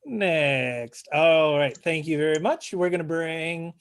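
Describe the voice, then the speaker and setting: A man's voice: on the high side, slow pace, clear, resonant tone. A man hosting an improv comedy show, upbeat and laughing often.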